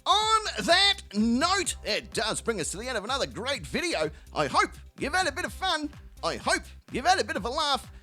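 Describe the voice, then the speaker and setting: A male show host with a high, lively voice rambles through a profane, mocking comedy outro. His pitch swings widely, and faint music plays underneath. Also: fairly quick, husky. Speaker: channel host. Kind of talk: comedic video outro rant.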